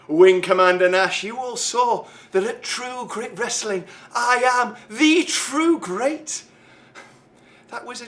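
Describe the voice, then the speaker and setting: A man's voice: high-pitched, fairly bright tone. A man giving a boastful wrestling promo in a smug, mocking manner.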